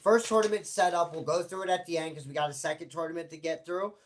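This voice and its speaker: A man's voice: fairly high pitch, fairly even intonation, fast, a little hiss or hum. A man hosting a casual vlog, chatty and rambling with many fillers and offhand swearing. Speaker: host. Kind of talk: casual tabletop wrestling draw vlog.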